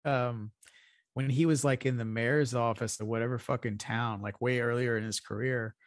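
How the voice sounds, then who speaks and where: A man co-hosting a podcast at an average pitch, talking loosely and swearing as he goes. His thoughts stop and restart midway. The sound is dry and close, with no room echo. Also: steady tone, moderate pace. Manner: profane, rambling, with restarts. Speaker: podcast co-host. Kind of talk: casual chat.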